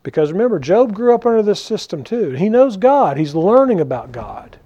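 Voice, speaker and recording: A man teaching a conversational Bible study, animated and full of questions to his listeners. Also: sits high, normal speed. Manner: animated, rhetorical questions to the audience. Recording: dull lo-fi recording.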